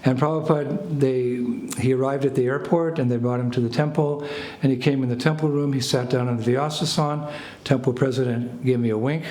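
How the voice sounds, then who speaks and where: An older American man, a spiritual teacher, telling a lively story to a small group. He laughs and acts out phrases as he goes. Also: mid-range voice, brisk, hardly any pauses. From United States. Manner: animated anecdotes, laughs, acts out French phrases. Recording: echoey room with faint ambient noise.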